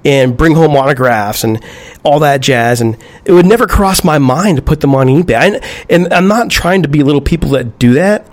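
A man co-hosting a sports podcast, talking in a thoughtful, slightly halting way. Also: on the high side, expressive. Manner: thoughtful, a bit halting, restarts. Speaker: podcast co-host. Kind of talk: casual sports chat.

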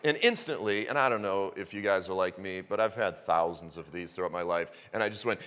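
A man in his fifties preaching a sermon, telling stories with self-mocking humor and breaking into sudden high outbursts. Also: brisk, hardly any pauses, fairly bright tone, slight background noise. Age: 50s. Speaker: pastor. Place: church sanctuary. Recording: long reverb of a church hall.

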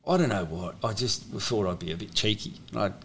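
Gravelly, low-voiced Australian man. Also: brisk, a bit bright. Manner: rambling, with many restarts and fillers. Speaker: guest, former rugby league player. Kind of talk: casual storytelling interview.

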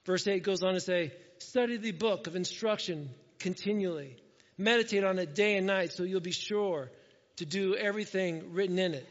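High-voiced pastor in an echoing hall. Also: male voice, normal speed. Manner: conversational, asks "right?" often, acts out quotes. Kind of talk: sermon with scripture reading. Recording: dull lo-fi sound with long hall reverb.

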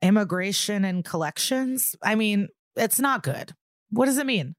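A woman's voice: medium pitch, expressive, unhurried, dry recording, clean studio sound. A young adult woman co-hosting a podcast, retelling a TV episode in casual chat with sarcasm and profanity. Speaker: podcast co-host recapping an episode.

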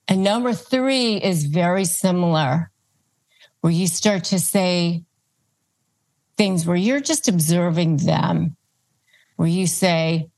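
Slow, low-voiced woman coaching step by step. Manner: deliberate, emphatic coaching with numbered steps; acts out calm replies and knowing looks. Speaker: host. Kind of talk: instructional advice talk.

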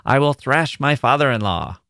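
A man's voice: medium pitch, expressive, normal speed, creaky, a bit bright, no room sound, clean studio sound, voice pushed up. A man voicing a big, jovial peddler from the mountains with a nasal tone, in a read-aloud story. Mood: joking.

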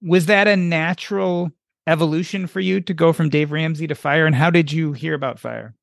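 A man's voice: a little high, steady tone, fairly quick, vocal fry, no echo, studio quality. A man hosting a podcast interview, asking questions with enthusiastic, emphatic repetition. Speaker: podcast host.

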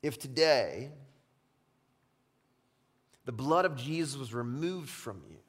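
A man preaching a sermon as pastor, swinging from hushed, intimate questions to loud, impassioned exclamations. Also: mid-range voice, lively intonation, slow. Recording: long reverb of a large hall.

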